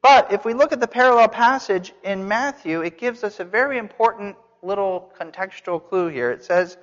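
A man's voice: high-pitched, moderate pace, few pauses, a bit bright. A man preaching an expository sermon, earnest and emphatic, repeating phrases for stress. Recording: dull sound with long hall reverb.

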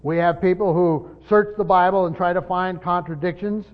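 A pastor teaching a congregation in a church, speaking emphatically and firing off rhetorical questions. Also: male voice, high voice, fairly even intonation, moderate pace. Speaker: pastor teaching Bible study. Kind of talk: teaching sermon. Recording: dull lo-fi recording with long hall reverb.

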